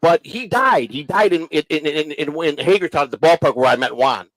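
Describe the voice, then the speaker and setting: High-voiced man telling rambling stories. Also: no echo, low-quality recording. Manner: rambling, halting, with restarts. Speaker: show host. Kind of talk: casual storytelling chat.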